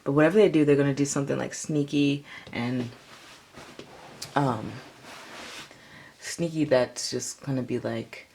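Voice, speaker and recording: Lady rambling thru a tarot reading, gravelly fry, tons of likes and ums. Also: very deep voice, fairly even intonation, a little slow, long pauses, mellow. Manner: rambling, filler-heavy, lots of "like" and "um". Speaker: tarot reader. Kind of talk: casual tarot reading to viewers.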